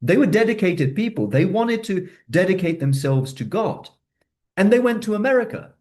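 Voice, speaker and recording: A man giving an earnest religious lecture, slowing down to stress key words. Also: high-pitched, big pitch swings, darkish tone. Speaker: religious speaker.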